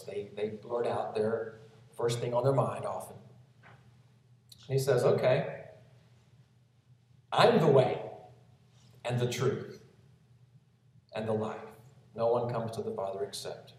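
A man preaching a sermon, gently walking through a scripture passage and quoting it as he goes. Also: mid-range voice, normal speed, long pauses. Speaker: pastor. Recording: very echoey room, voice from a distance.

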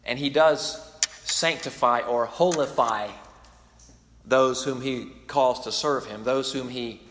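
A man's voice: mid-range voice, slow pace, fairly bright tone, slight background noise. A man preaching a sermon in an earnest, emphatic way, often restarting his sentences, in a church. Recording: long reverb of a large hall.

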